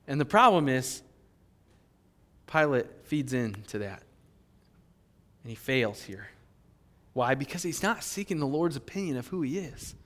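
A male pastor preaching a sermon in an animated, emphatic way. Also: medium pitch, a little slow, long pauses. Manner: animated, emphatic, with fillers and restarts. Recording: long hall reverb.

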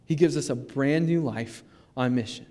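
A male pastor preaching a sermon in a conversational, animated way, with frequent restarts. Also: mid-range voice, moderate pace, in a large hall.

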